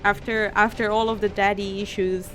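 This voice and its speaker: A woman's voice: medium pitch, flat delivery, moderate pace, faint music behind. A woman streamer chatting casually while playing a game, laughing often and swearing freely.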